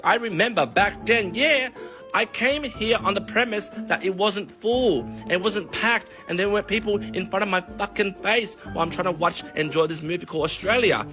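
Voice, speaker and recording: A man on a comedic, profane rant, telling a long analogy in an animated way. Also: high voice, normal speed, over music. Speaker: vlogger.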